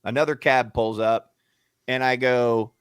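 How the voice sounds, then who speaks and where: A man's voice: medium pitch, fairly even intonation, a little slow, clear, resonant tone, no echo. Profane storytelling radio co-host, male. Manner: profane, acts out shouting matches in quotes. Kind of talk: animated storytelling.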